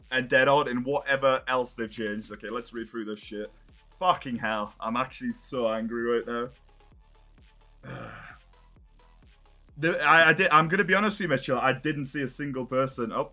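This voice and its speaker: A man's voice: mid-range voice, sharp tone. A young man reacting on a live stream, exasperated and swearing as he thinks aloud.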